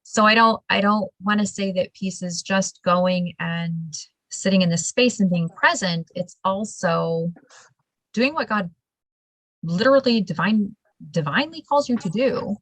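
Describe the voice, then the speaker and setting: A woman hosting a casual interview, telling stories in an animated, emphatic way and laughing now and then. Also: medium pitch, unhurried, no room sound, rough recording. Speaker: show host.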